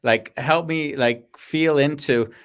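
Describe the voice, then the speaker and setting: A man's voice: on the high side, takes it slowly, clear, resonant tone. A man hosting a live podcast, enthusiastic and reflective, drawing out the guest and sharing stories of his own. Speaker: podcast host. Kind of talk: casual live interview chat.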